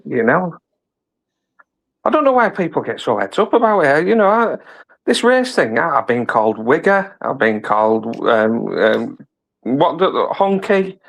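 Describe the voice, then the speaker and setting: A man with a fairly high, lively voice that swings up and down as he talks. He swears freely, laughs often and trips over his words in loose live-panel banter. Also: unhurried.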